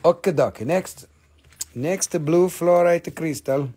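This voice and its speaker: A man with an Appalachian American accent hosting a casual live crystal sale, chatty and excitable, swearing and reading out buyer claims. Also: on the high side, unhurried, breathy edge. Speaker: live-stream crystal seller.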